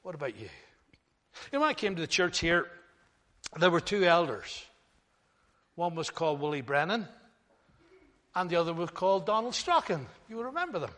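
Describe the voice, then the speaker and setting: An older man preaching a sermon as pastor, emphatic, swinging between loud stresses and hushed asides. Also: high-pitched, very animated, moderate pace, pauses often. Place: church hall. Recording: long hall reverb.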